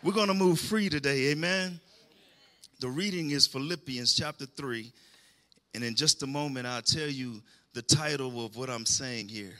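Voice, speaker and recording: A man's voice: medium pitch, moderate pace, sharp tone. A man preaching a sermon, calling out to the congregation and rising into emphatic bursts.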